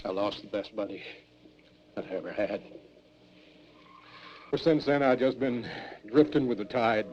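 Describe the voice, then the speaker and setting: A man's voice: on the low side, unhurried, darkish tone. An older man telling his story as a hobo in a rambling, folksy drawl full of curses, on muffled 1970s film sound with hiss. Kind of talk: rough storytelling documentary interview. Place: in a cave.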